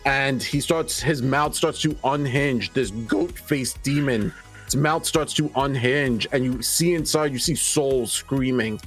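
A man narrating a tabletop game as game master, slow and descriptive. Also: medium pitch, breathy edge, faint music behind.

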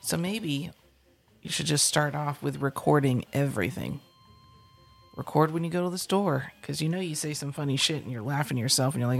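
A man's voice: on the high side, brisk, creaky, faint music behind. A man co-hosting a morning show in casual chat, blunt and full of advice.

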